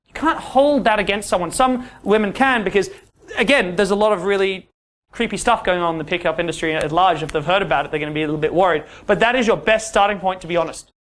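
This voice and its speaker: A man's voice: high voice, fast. A man, a dating coach giving a seminar talk to a class of men, who keeps checking in with his listeners. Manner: animated, acts out quoted dialogue, keeps checking in with "yeah?".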